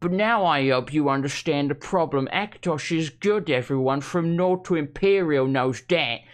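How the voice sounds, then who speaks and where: A man reading an in-game book aloud in a put-on Essex accent, voicing a dim-witted, boastful male Nord author who lectures slowly and rambles. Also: a little high, close to an everyday voice. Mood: lecturing.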